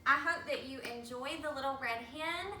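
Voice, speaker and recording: A woman teacher giving an early reading lesson to young children, slowly sounding out letters and words. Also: high voice, pushed and bright, a little hiss or hum. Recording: echoey room, mic at a distance.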